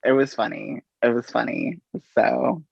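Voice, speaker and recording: A middle-aged man, an interview guest, telling his story in an unhurried, halting way and acting out the exchanges he quotes. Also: medium pitch, creaky, slightly rough, no echo. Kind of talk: conversational storytelling. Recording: dull, slightly lo-fi audio.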